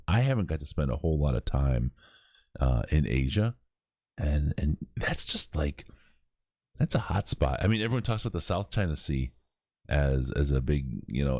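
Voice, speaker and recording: A man's voice: a bass voice, vocal fry, mellow, dry recording, studio quality. A man hosting a late-night charity podcast, reading out live comments, joking and laughing often, tired. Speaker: podcast host.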